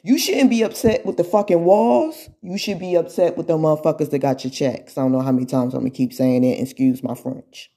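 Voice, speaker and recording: A woman's voice: deep voice, brisk, few pauses, slightly rough. A woman influencer talking casually and animatedly to her viewers, laughing often and mimicking what people will say about her. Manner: animated, laughing often, mocking imitations of others. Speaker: social media influencer.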